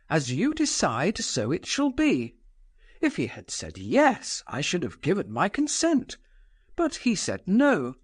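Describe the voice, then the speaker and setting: A man narrating a novel, voicing a proud, defiant young woman who speaks solemnly and forcefully. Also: sits high, no room sound, studio quality, voice pushed up, full character voice.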